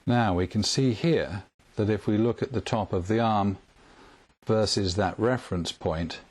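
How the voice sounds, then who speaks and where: A man calmly walking through a guitar tremolo setup step by step, patient and methodical. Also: sits low, slightly rough. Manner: calm, patient, step-by-step explaining. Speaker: guitar tech instructor. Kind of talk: instructional demonstration.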